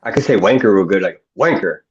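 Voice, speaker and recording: A man's voice: on the low side, animated, brisk, highs cut off. Joking man on voice chat. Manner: playful, joking, trying out British place names. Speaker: chat participant. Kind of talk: casual voice chat.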